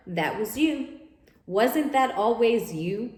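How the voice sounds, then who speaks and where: A woman giving a casual spoken tarot reading, animated and repetitive, often voicing her listener's imagined thoughts. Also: mid-range voice, measured pace. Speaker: tarot reader. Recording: echoey room, faint noise.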